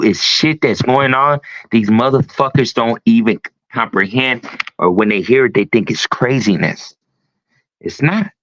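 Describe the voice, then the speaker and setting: A man's voice: mid-range voice, a bit bright, no room sound. A man hosting a livestream talk show, ranting emphatically with a lot of profanity. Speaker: host. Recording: dull lo-fi stream audio.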